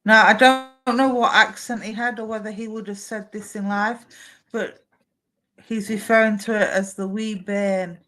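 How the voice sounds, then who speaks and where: A woman's voice: medium pitch, flat delivery, normal speed, bright, forceful tone, faint music behind. Chatty woman medium. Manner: chatty, relays messages from spirit. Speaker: medium giving live readings. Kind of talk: live stream reading.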